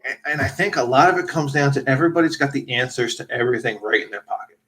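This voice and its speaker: A man's voice: mid-range voice, fast talker, a bit bright, poor audio. A man co-hosting a casual podcast, giving wry, opinionated commentary. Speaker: podcast co-host. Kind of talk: casual chat.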